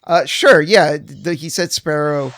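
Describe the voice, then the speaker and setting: A man's voice: fairly high pitch, slow, fairly bright tone, no echo, studio quality. A man co-hosting a casual podcast discussion, easygoing and enthusiastic, laughing often. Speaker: podcast co-host.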